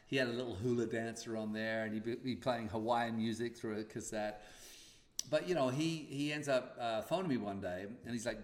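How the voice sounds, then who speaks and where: Animated man telling a story in a roomy space. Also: medium pitch, brisk. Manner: animated, acts out dialogue. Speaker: podcast host. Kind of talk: casual storytelling.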